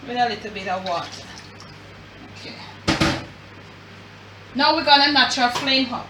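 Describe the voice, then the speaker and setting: A chatty Jamaican woman walks her viewers through a recipe in a home kitchen, talking easily to them as family. Her voice is bright and fairly high. It comes from a step away from the mic, with an echoey room around it. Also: distant mic, a little hiss or hum. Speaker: cooking show host. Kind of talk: casual cooking demonstration.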